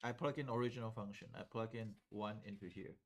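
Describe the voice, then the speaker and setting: A man's voice: lowish voice, a little fast. A man teaching a calculus class, explaining steps conversationally and often checking with students whether they follow. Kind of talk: classroom lecture at a whiteboard.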